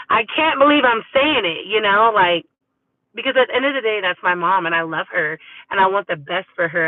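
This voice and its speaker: A woman's voice: lowish voice, no room sound. A woman from California chatting upbeat and casually with her viewers as a livestream host, calling them y'all. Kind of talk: casual live chat to viewers. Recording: tinny phone-like audio, dry.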